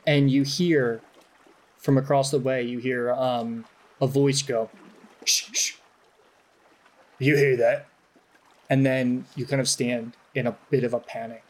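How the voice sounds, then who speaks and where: A man running a tabletop game as game master, narrating in a relaxed, chatty way. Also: medium pitch, normal speed.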